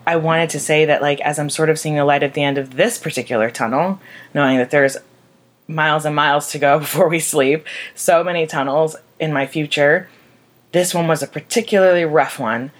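Young woman, low voice, candid grief monologue, raw, profane, heartfelt. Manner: raw and emotional, swears freely. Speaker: vlogger.

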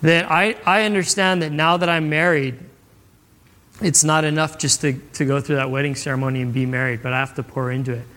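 A man's voice: fairly high pitch, steady tone, fairly quick, pushed and bright, long reverb tail. A young adult man giving a casual, conversational sermon, telling stories and acting out what people say. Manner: casual, conversational storytelling with acted-out quotes. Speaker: pastor.

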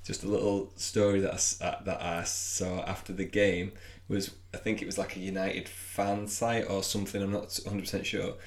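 Bloke, low gravelly voice, rambling footy chat with lots of laughs. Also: male voice, level tone, moderate pace, hardly any pauses. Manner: rambling, self-mocking, laughs often. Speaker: podcast co-host. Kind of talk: casual chat.

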